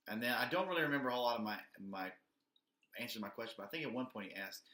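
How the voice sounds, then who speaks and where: A man's voice: medium pitch, animated, fast talker, pauses often, pushed and bright. A man casually telling a personal story, rambling with lots of "like" and some swearing. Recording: echoey room.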